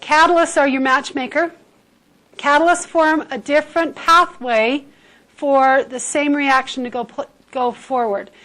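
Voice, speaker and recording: A woman's voice: sits high, steady tone, unhurried, fairly bright tone, rough recording. A woman teacher giving a chemistry lecture to a class, explaining with everyday comparisons and checking in with "okay?". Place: high school classroom.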